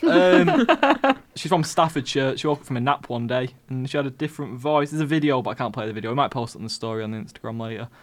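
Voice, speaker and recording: A man's voice: mid-range voice, fast talker. A man co-hosting a casual show, reading out odd news headlines and laughing between them. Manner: giggly, reads headlines aloud between laughs. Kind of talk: casual banter.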